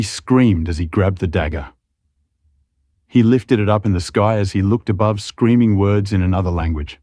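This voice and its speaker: A man narrating a dramatic romance audiobook, reading the prose and voicing the dialogue with strained, raised pitch. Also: moderate pace, warm tone, dry recording, clean studio sound.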